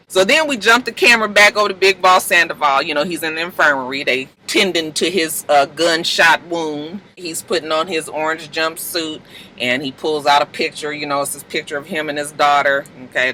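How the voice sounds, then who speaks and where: A man talks through a TV episode in a loose, slangy, profane way and acts out what the characters say. His voice is very bright and cutting, sitting somewhat high. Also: a little hiss or hum, low-quality recording. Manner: animated storyteller, acts out characters' lines. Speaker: TV recap vlogger. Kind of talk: casual episode recap.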